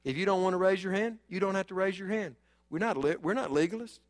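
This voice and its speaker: Pastor, high tenor, preaching with big swings from loud urging to quiet asides; long hall reverb. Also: male voice, fast. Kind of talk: sermon.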